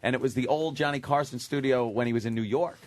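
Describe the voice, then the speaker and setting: A man's voice: mid-range voice, quick pace, no echo. A man hosting a radio talk show, talking loosely with a guest in a casual, profane way in a radio studio.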